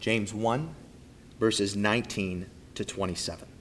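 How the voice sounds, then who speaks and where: A man preaching a sermon in a church, stressing key phrases loudly, then dropping to quiet, low line endings. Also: measured pace, a little hiss or hum. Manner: emphatic, swings from loud stresses to soft, low trailing endings. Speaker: pastor. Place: church sanctuary.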